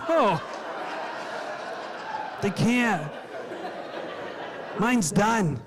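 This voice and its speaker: Male stand-up comic, high-pitched, deadpan and crude, live club mic with crowd laughter. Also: very slow, long pauses, background noise. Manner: deadpan, crude, self-deprecating storytelling with acted-out quotes. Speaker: stand-up comedian. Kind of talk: stand-up comedy set. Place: comedy club stage before a live audience. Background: audience laughing.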